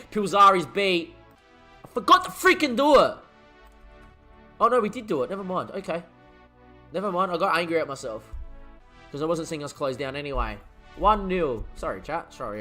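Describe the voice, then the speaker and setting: A man commentating his football video game as a streamer, muttering one moment and shouting the next. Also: a little high. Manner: excitable, swings from muttering to shouting. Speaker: gaming streamer.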